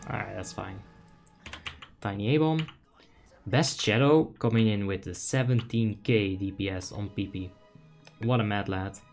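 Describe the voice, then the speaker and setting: A man's voice: lowish voice, a little slow, vocal fry, long pauses, soft background music. Casual young man streaming a game. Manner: casual, reads chat aloud, excited bursts. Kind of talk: live gameplay commentary.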